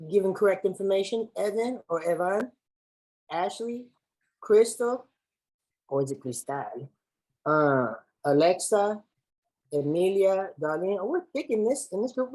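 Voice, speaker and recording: A woman from Los Angeles hosts a lively online workshop over video call, playful and chatty with lots of slang. Her voice is fairly low with a darkish tone, and the recording quality is low.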